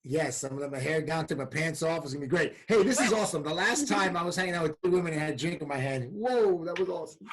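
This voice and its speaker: A man's voice: on the high side, fairly bright tone, husky. A man guesting on a podcast over a video call, upbeat and jokey in casual chat. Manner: upbeat, jokey, talks in quick bursts.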